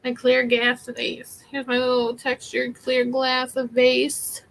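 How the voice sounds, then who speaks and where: A woman's voice: sits high, completely flat delivery, takes it slowly, rough recording. A woman chatting casually through a live thrift haul, rambling with many fillers. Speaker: vintage seller vlogger.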